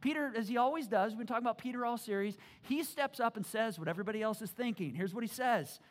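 This is a pastor delivering a sermon in a loose, conversational way. The speech is animated and playful, full of repeated words and restarts. It jumps from loud, excited bursts to quiet, earnest passages. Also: mid-range voice, quick pace. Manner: animated and joking, swings from loud to hushed.

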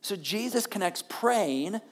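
A woman's voice: mid-range voice, lively intonation, slow, in a large hall. A woman pastor preaching a sermon on a church stage, talking in a conversational way with frequent check-ins to the listeners.

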